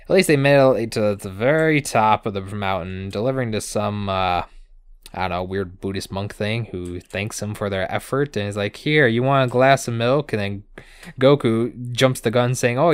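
Man, podcast co-host, sarcastic recap, casual swearing, lowish voice, smooth tone. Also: dry recording. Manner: sarcastic, swears casually, acts out characters in quick asides. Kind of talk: casual comedic recap chat.

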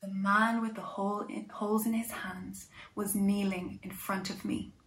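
A woman telling a first-person story in an unhurried, reflective way, soft at its quiet moments. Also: mid-range voice, level tone. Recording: echoey room.

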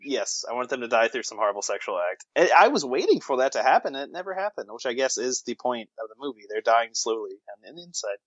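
A man's voice: medium pitch, big pitch swings, fast talker, few pauses, no echo, muffled recording. A man co-hosting a podcast, bantering and joking casually about a film. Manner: jokey, playful banter. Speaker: podcast co-host.

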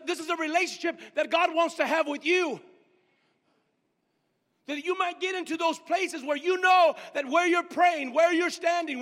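A man in the pulpit, a pastor, preaching with call-and-response, fervent repetition, hushed whispers and rising shouts. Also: extremely high pitch, long reverb tail. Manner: drops to hushed whispers for emphasis; fervent, repeats phrases. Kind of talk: sermon. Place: church sanctuary.

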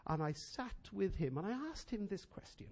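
A pastor preaching from the pulpit, his voice pitched high for a man. He swings widely up and down as he drives points home. He mixes personal stories into his preaching. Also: moderate pace. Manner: animated, preacherly emphasis with anecdotes. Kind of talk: sermon.

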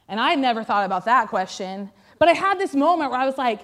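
A woman's voice: fairly high pitch, lively intonation, a little fast, few pauses. A woman in her thirties, a pastor's wife, preaching to a congregation in a chatty, self-deprecating storytelling style. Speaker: pastor's wife giving a sermon. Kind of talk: humorous storytelling sermon. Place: on stage before a church congregation.

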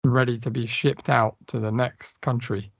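A man's voice: medium pitch, flat delivery, moderate pace, vocal fry, breathy edge, no echo. A man co-hosting a podcast, chatting casually about films and acting out lines in bursts. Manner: chatty, acts out lines from films in raised voices. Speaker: podcast co-host. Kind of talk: casual film chat. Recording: dull, slightly muffled podcast audio.

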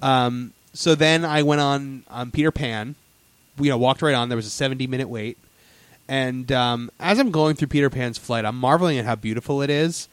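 A man's voice: medium pitch, moderate pace, smooth, no room sound. Chatty guy gushing about rides, lots of ums and restarts, dry close mic. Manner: enthusiastic storyteller, lots of fillers and restarts. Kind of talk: casual theme-park chat.

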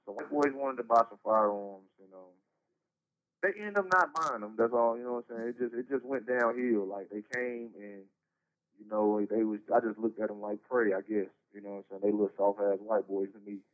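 A man's voice: on the low side, fairly quick. A man, telling his story bluntly with lots of profanity and slang, rambling as he goes. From North Carolina, US. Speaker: incarcerated interview guest. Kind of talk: casual storytelling. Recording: tinny prison phone line.

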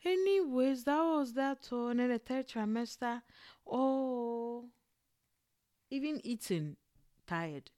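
Animated woman telling a personal story. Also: fairly high pitch, slow, long pauses, clean tone. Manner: animated and expressive, with exclamations and laughter.

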